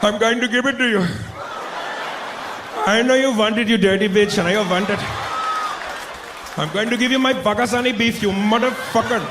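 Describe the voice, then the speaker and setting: A crude, boastful man with an exaggerated Indian accent, put on by a male comedian. He shouts in a raised, high voice. Steady room noise sits behind him. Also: moderate pace, pauses often, roomy sound, crowd noise, natural voice. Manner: loud, shouting. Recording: noisy live comedy room.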